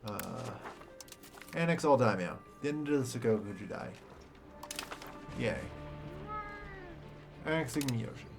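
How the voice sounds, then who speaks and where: A young man streaming a strategy game, ranting and swearing in loud exasperated bursts, then muttering to himself. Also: mid-range voice, big pitch swings, a little slow, vocal fry, long pauses, over music. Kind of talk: casual game stream commentary.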